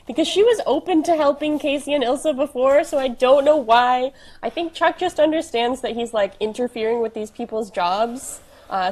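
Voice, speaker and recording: Higher-pitched woman podcast co-host. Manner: laughs often, animated and teasing. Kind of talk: casual recap chat.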